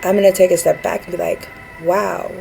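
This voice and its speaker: A woman's voice: on the low side, little pitch movement, fast talker, vocal fry, warm tone, soft background music, low-quality recording. A woman vlogging a rambling personal rant, earnest and frustrated, with many fillers and restarts.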